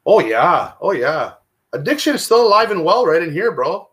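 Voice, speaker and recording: A man talking on a video call about his past, emotional and repeating himself, swinging between loud bursts and hushed words. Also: high voice, very animated, normal speed. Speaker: guest. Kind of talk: candid conversation about recovery.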